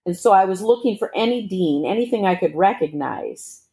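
A middle-aged woman telling her own story as a guest, animated and acting out the dialogue with big leaps in pitch. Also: moderate pace. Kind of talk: personal storytelling.

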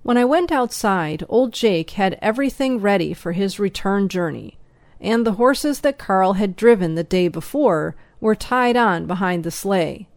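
A woman reading a first-person story aloud as an audiobook narrator, slow, even and measured. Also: medium pitch, no echo, studio quality.

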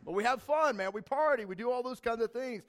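A young man, a church youth leader, telling a rambling, animated story to a group and saying man and dude a lot. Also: very high voice, fast.

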